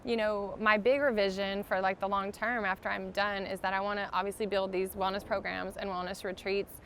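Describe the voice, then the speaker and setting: A woman's voice: mid-range voice, flat delivery, a little fast, a bit bright, slight background noise. Heartfelt woman telling her story. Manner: earnest, heartfelt storytelling with many fillers. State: undergoing chemotherapy. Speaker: podcast guest. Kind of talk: casual interview storytelling.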